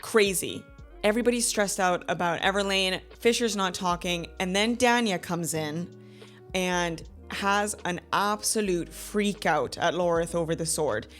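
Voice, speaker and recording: A woman in her thirties with a fairly low voice chats through a book review, gushing and animated as she retells each twist. Faint music plays underneath her talk. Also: unhurried. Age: 30s. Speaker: book club host. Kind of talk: casual book review chat.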